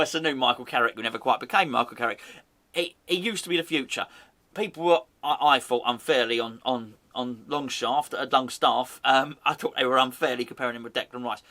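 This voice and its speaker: A man's voice: mid-range voice, animated, moderate pace, bright, forceful tone. A man hosting a fan channel, rambling and joking in casual football chat, often correcting himself mid-sentence. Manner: rambling, jokey, self-correcting.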